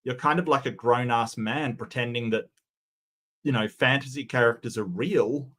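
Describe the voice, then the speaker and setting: A man's voice: mid-range voice, moderate pace, a bit bright. A man giving sarcastic, mocking reaction commentary, often stumbling and restarting his sentences.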